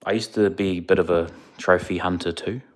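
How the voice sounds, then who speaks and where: A laid-back male streamer, chatting casually with viewers. His voice sits very low, and he rambles a bit, sounding a little sleepy. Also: steady tone, fairly quick. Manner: laid-back, rambling, answers chat questions. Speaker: livestreamer. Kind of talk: casual live-stream chat.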